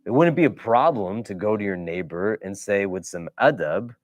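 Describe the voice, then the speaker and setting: A man's voice: fairly low pitch, lively intonation, moderate pace, no room sound. A middle-aged man from the United States, an imam giving a weekly religious lecture in a casual, conversational way, often checking in with "do you know?".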